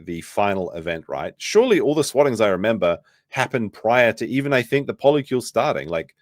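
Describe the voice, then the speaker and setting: A man's voice: medium pitch, no room sound, clean studio sound. A young man giving a swearing, incredulous livestream commentary, his voice jumping up when he is outraged. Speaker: commentary streamer.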